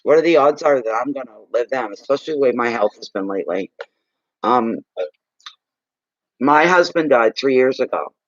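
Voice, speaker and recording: A man's voice: mid-range voice, lively intonation, normal speed, pauses often, no echo. Man in his sixties, psychic reader, rambling casual chat, dry close sound, muffled lo-fi audio. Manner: rambling, chatty, talks while eating.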